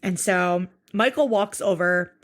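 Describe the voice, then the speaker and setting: A woman co-hosting a podcast, chatting casually as she recaps a TV episode, animated and a bit sweary, often acting out what people said. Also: fairly low pitch, measured pace. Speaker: podcast co-host.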